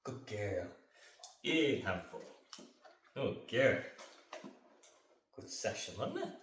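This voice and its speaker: A man training his dog on camera, calmly explaining each step and breaking off for short commands and upbeat praise to the dog. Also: on the low side, takes it slowly, far from the mic, slight background noise. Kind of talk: hands-on training demonstration. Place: indoor training room. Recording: echoey room, voice off-mic.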